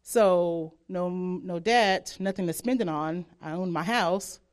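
A woman's voice: fairly low pitch, slow. Chatty woman telling her story. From southern United States. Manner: animated, chatty, acts out quotes, laughs often. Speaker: speaker giving a testimony. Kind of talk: personal testimony.

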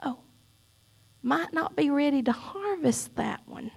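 Church lady giving her testimony, high voice, preachy, gets loud then quiet. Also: expressive, slow, vocal fry. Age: middle-aged. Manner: emphatic, preachy, swings between loud cries and soft asides.

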